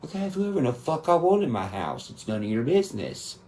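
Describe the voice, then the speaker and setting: A man's voice: a little high, very animated, fairly quick, darkish tone. Angry, swearing man in his thirties. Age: 30s. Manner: angry, profane, venting. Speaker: country rap artist. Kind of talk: spoken rant in a song.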